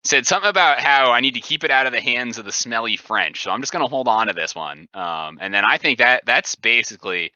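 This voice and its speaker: Very bright lively podcast host, lo-fi. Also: male voice, medium pitch, quick pace, few pauses, no room sound. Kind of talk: casual podcast chat. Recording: dull lo-fi sound, dry.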